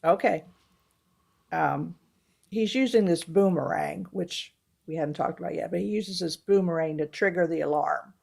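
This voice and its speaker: Woman, podcast co-host, very gravelly voice, lowish pitch, chatty scene retelling. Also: normal speed. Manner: animated storytelling, retelling scenes with little quoted voices. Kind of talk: casual film review chat.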